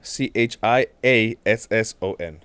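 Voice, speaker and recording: A man co-hosting a casual podcast and cutting in with quick remarks. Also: on the low side, fairly bright tone, clear, resonant tone. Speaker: podcast co-host.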